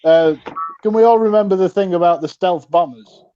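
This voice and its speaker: Male comedian, slightly high voice, chatty comic rant, dull lo-fi call audio. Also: normal speed. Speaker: comedian guest.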